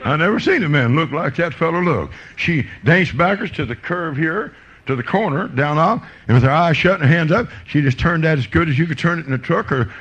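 A man preaching with fervent, folksy storytelling. His voice is bright and forceful, and his delivery stays animated as he preaches. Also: a little high, husky, muffled recording. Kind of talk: sermon.

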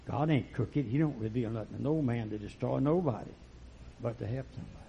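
A man preaching a fiery, folksy sermon that swings from low murmurs to loud shouts. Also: fairly quick, creaky. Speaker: pastor. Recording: lo-fi recording.

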